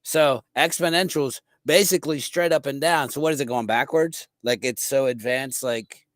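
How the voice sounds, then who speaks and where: A man's voice: medium pitch, moderate pace, no echo. Loose-talking man, dry close sound. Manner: loose, informal, lots of "like". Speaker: podcast co-host. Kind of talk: casual podcast talk.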